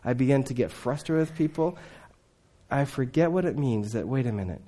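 A man preaching a sermon, swinging between loud emphatic lines and hushed, low asides. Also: lively intonation, fairly quick.

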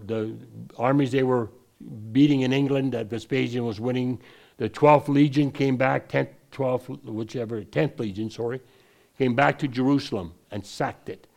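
A man preaches a sermon in a medium-pitched, slightly mellow voice with vocal fry, keeping a moderate pace and fairly even intonation. He digresses and restarts his sentences often, then pushes his voice up hard to land his key points.

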